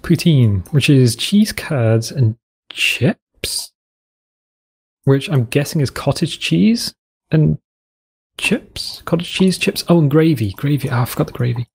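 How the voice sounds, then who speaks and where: A man's voice: mid-range voice, lively intonation, slow, creaky, breathy edge. A British man hosting a game video, rambling and self-deprecating as he talks through building a map. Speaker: gaming video host. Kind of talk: rambling let's-play commentary.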